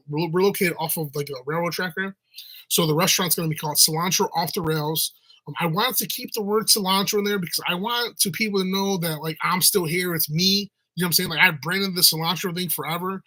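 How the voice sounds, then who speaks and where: A man's voice: fairly high pitch, fairly even intonation, quick pace, pushed and bright, poor audio. A middle-aged restaurant owner rambling through a casual story, often restarting his sentences and acting out other people's voices.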